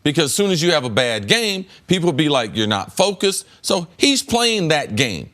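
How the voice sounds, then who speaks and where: An emphatic middle-aged man argues his case on a sports debate show, repeating himself for weight. His pitch swings widely, climbing high when he presses a point. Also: very animated, moderate pace, fairly bright tone. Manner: emphatic, repeats words, rises sharply when making a point. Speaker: former pro football player turned analyst.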